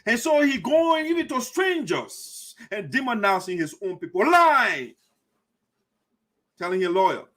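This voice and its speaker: A man hosts his community show with a high voice that rises and falls dramatically. He hammers his points home with fiery, accusatory repetition and occasional shouting. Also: very animated, unhurried. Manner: fiery and accusatory, repeating lines for emphasis, sometimes shouting. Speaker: host of a diaspora community show. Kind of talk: impassioned political commentary.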